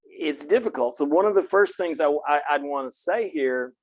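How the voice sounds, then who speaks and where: A man from Texas teaching a college philosophy class, frank and earnest and quick to crack a joke, recorded on a close mic in a classroom. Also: on the high side, expressive, no room sound. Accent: Texan. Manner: earnest, frank, joking, speaks directly to students. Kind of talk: classroom lecture.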